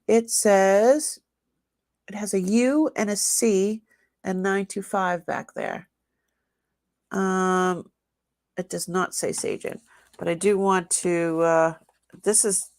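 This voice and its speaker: Older woman, live sale host, slow-talking, chatty, dry sound. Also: medium pitch, creaky, dry recording. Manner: chatty, rambling, laughs often. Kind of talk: casual live-stream selling.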